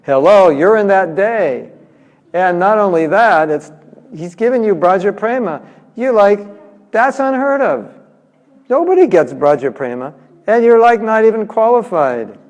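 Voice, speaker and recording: An American man with a high, expressive, slightly mellow voice leads a lively scripture class in a large temple hall at a measured pace. He's conversational and humorous, acting out short quotes, and the hall echoes noticeably.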